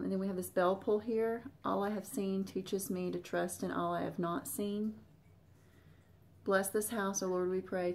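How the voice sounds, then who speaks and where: A woman's voice: on the low side, a little mellow, a little hiss or hum. A young woman with a Southern US accent, chatting casually to her viewers as she unboxes and shows off old craft patterns. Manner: chatty, talks straight to viewers. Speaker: Flosstube vlogger. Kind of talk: casual chat while unboxing.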